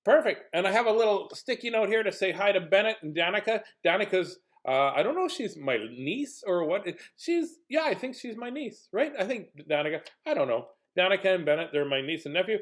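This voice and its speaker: Man, slightly high voice, playful, chatty, kids' storytime host, reading a picture book aloud. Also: big pitch swings, brisk, few pauses. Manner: playful, chatty, greets young viewers by name; jokey, clowning between reading. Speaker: children's book reader and host. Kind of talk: casual read-aloud livestream for kids.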